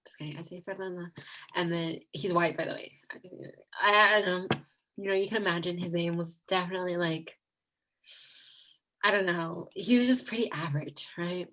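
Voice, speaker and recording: On a rough recording, a young female vlogger rambles through a casual storytime on a video call. Her voice sits on the low side with a fairly bright tone and a moderate pace, and she giggles and says "like" constantly.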